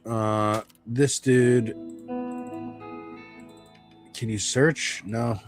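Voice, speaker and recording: A man's voice: mid-range voice, fairly even intonation, very slow, over music. A man streaming a video game, giving loose, rambling commentary with casual swearing.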